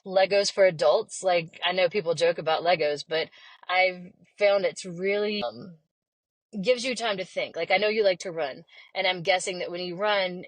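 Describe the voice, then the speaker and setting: A woman, telling stories in a chatty, animated way as a podcast guest. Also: lowish voice, dry recording, poor audio. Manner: chatty, animated storyteller who acts out quotes. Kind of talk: casual conversation.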